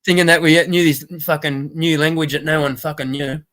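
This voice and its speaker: A man's voice: a little high, fairly even intonation, a little fast, a bit bright. A man hosting a casual livestream chat, rambling, swearing and laughing often. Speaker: stream host.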